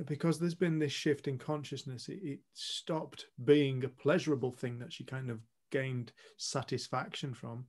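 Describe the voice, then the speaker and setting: This man co-hosts a retreat and tells his story bluntly and earnestly, with the odd swear word. His voice has a gravelly rasp, and a husky roughness sits under it. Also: medium pitch, fairly even intonation, moderate pace, hardly any pauses. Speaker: retreat co-host. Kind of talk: candid storytelling talk to a group.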